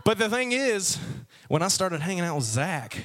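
A Texas preacher with a high voice delivers a joking sermon at a normal pace. He speaks directly to his audience, playful and animated throughout.

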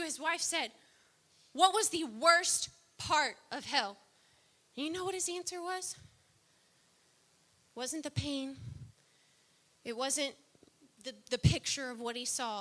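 A woman preaching a sermon, impassioned, swinging from soft, low passages to loud outbursts.

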